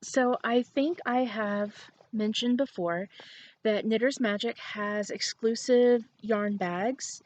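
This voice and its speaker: A woman's voice: a little high, takes it slowly. Woman podcast host, casual chatty delivery, wanders between thoughts, laughs easily, recording at home. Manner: chatty, rambling, laughs often. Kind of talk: casual chat to camera.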